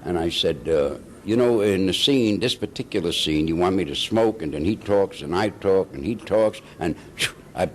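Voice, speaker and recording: Older man, lively chuckling storyteller. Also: low voice, normal speed, few pauses, slight background noise. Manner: animated, chuckling storyteller who acts out the people he quotes. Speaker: veteran actor being interviewed. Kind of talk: anecdotal storytelling.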